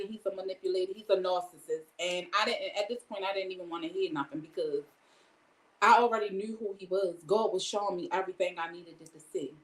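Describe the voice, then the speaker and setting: Earnest woman telling a story in an echoey room. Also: mid-range voice. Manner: retells events by quoting each exchange ("I said", "he said"); earnest and candid, often invoking God. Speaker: storyteller sharing a personal testimony. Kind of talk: casual spoken testimony.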